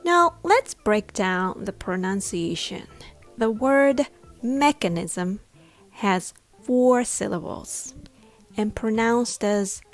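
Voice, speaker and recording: A woman's voice: mid-range voice, expressive, faint music behind. A woman pronunciation coach giving a scripted lesson, sounding out each syllable carefully. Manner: slow, deliberate, sounding out syllables.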